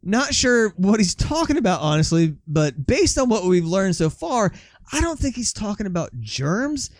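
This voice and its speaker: High-voiced man chatting loosely. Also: big pitch swings, normal speed, no room sound, studio quality. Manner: loose and conversational, swears freely, laughs often. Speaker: podcast host. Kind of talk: casual chat, reading out quotes.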